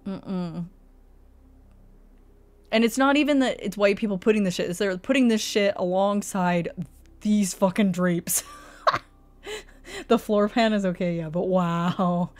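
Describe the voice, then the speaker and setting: A woman's voice: medium pitch, a little slow, pauses often, darkish tone. A woman streamer giving live commentary on house listings, mock-outraged and exasperated. She swears, laughs often and fires off rhetorical questions. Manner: reacting aloud, asking rhetorical questions.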